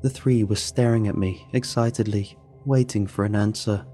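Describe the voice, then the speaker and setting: Low, mellow man narrating a story. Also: fairly even intonation, normal speed, faint music behind. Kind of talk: first-person story narration.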